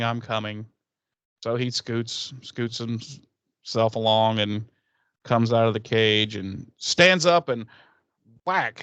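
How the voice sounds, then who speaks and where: A man's voice: mid-range voice, fairly bright tone, clean tone, dry recording, lo-fi sound. A man co-hosting a podcast, casually talking through an episode's scenes. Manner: loose and conversational, with fillers. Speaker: podcast co-host.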